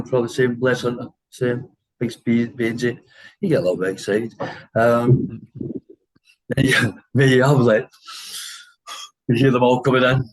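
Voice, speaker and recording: In a casual interview, a former footballer in his sixties with an English accent swaps dressing-room stories, laughing often and quoting other people's voices. His voice is mid-range, and the audio quality is poor.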